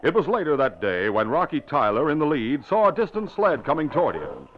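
A man's voice: fairly high pitch, very animated. Dramatic male radio-drama narrator. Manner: measured, dramatic storytelling. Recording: lo-fi old radio recording with faint hiss.

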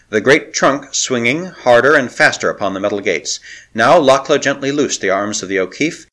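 Male audiobook narrator, animated intonation, dramatic and measured. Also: on the low side. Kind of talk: scripted narration.

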